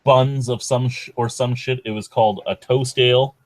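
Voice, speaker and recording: A man's voice: medium pitch, steady tone, normal speed, no room sound. A man hosting a podcast, reading beer news in a casual, profane, offhand way. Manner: profane, offhand, drawling delivery. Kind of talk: casual chat.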